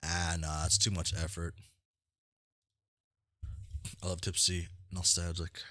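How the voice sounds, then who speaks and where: A man's voice: low voice, level tone, moderate pace, sharp tone, dry recording, clean studio sound. A man casually reading a webcomic aloud with rambling, self-mocking asides, stumbling over names. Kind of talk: casual read-along with commentary.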